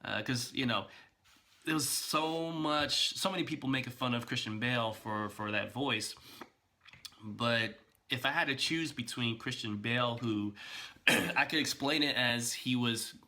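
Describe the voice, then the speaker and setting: A man reacts on camera as a video blogger, animated and casual, his chatter riddled with fillers and restarts. His pitch is medium and his pace measured.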